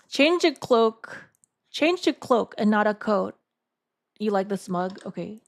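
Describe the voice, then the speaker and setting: Speaking at a medium pitch with lively intonation, a woman streamer chats casually with her viewers live. She works through her thoughts aloud, pausing and repeating words along the way.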